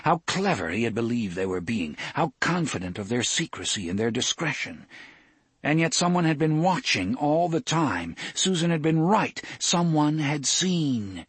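Husky man narrating a story. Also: fairly high pitch, very animated, moderate pace, a bit bright, dry recording. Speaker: audiobook narrator. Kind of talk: scripted narration.

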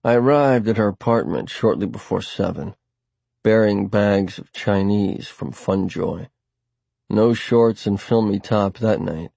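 A man reading a first-person novel aloud in a wry, dry, deliberate way. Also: fairly low pitch, creaky, darkish tone, no room sound. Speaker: audiobook narrator. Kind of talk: first-person audiobook narration.

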